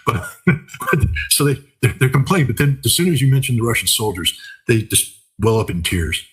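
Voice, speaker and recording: Husky-voiced older man. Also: medium pitch, very animated, moderate pace, a bit bright, faint music behind, poor audio. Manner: emphatic, repetitive, vivid storytelling. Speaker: commentator. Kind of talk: casual interview talk.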